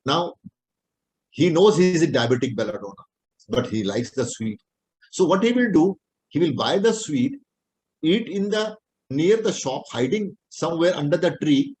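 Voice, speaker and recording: A man's voice: fairly high pitch, animated, normal speed, darkish tone, rough recording. A middle-aged man with an Indian accent, a homeopathic doctor teaching a class in plain, repetitive English. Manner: plain-spoken, repetitive explaining, non-native English phrasing. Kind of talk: lecture.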